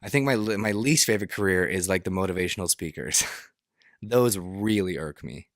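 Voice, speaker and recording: Low-voiced young man rambling casually. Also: moderate pace. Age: young adult. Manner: rambling, hesitant, many restarts and fillers. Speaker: podcast co-host. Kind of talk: casual chat.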